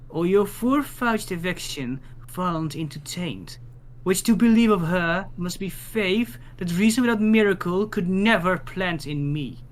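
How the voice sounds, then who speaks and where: A man reading the King of France in a play read, putting on a French accent and declaiming the verse. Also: high voice. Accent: put-on French. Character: French king, noble, courtly suitor.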